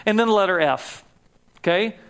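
A man's voice: sits high, normal speed, a bit bright, clean tone. A middle-aged man, a grief counselor, preaching a sermon to a live audience in a conversational way, asking them questions and joking lightly.

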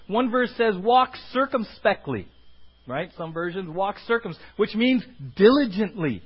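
A man delivers a sermon with a high, lively voice that climbs and drops all over. His tone is a little husky, and he slips into other people's voices as he quotes them. The recording sounds dull and lo-fi. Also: unhurried. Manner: animated, acts out quoted voices. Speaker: pastor.

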